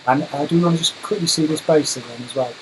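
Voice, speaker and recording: A man's voice: on the high side, quick pace, a little hiss or hum, low-quality recording. A British man hosting a casual online show, chatty and full of fillers. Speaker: host. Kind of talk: casual chat.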